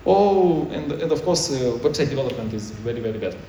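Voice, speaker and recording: A man's voice: medium pitch, expressive, brisk, mellow, slight background noise. A man giving a conference talk in choppy, non-native English, with many restarts. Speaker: conference speaker. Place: conference hall. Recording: echoey hall, mic far off.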